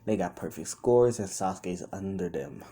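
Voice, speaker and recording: A man's voice: low-pitched, normal speed, warm tone, a little hiss or hum. A young man casually retelling a fan story off the cuff, rambling with many fillers and restarts. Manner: quotes characters in his own voice.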